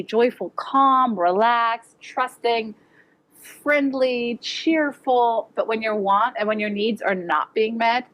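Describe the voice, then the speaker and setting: A middle-aged woman educator speaks to parents in a conference hall, direct and conversational, using fillers like "like." Her voice is on the high side with a fairly bright tone, and the recording is low quality.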